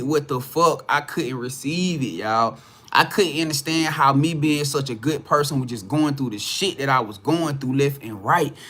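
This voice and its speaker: A man holds forth as a spiritual reader on a live stream. His voice sits a little higher than most men's, and he swears freely while calling the viewers y'all in a loose, preachy way. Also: bright, forceful tone. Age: adult parent. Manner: profane, blunt, preachy, addresses viewers as y'all. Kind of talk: casual spiritual talk to a live audience.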